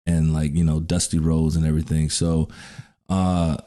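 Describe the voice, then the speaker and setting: A man's voice: rumbling low, moderate pace. A man talking casually as a podcast guest, telling stories with lots of laughter and acted-out quotes. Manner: animated storyteller, laughs often, acts out quotes. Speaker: podcast guest, pro wrestler. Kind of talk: casual chat.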